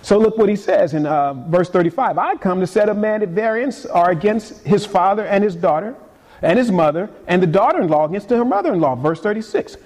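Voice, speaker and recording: A man delivering a sermon with a fairly high voice. He talks casually and stumbles over repeated words, then climbs into sudden emphatic peaks before dropping back down low. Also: lively intonation, a little fast. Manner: dynamic preaching, swings between quiet and emphatic. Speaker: pastor.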